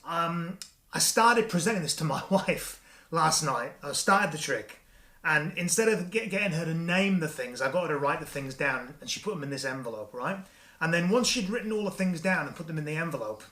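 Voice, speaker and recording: A man's voice: a little high, lively intonation, brisk, fairly bright tone. Chatty Australian man, echoey room. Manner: chatty, self-deprecating, performs patter with raised energy. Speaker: magic product reviewer. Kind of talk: casual product review with demonstration. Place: indoor room, alone at camera.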